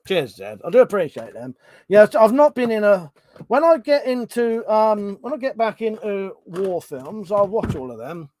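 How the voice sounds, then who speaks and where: Chatty sweary man, lively pitch. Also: moderate pace, no echo. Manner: swears freely, reads chat messages aloud. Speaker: streamer. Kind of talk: casual live-stream chat.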